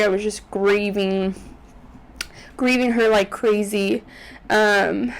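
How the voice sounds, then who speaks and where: A woman's voice: mid-range voice, low-quality recording. A woman in her twenties talking casually to the camera in her apartment room on a desk microphone, rambling with many ums and corrections and close to tears. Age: 20s. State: tearful, on the verge of crying. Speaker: vlogger. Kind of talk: casual vlog talk to camera. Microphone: USB desk microphone.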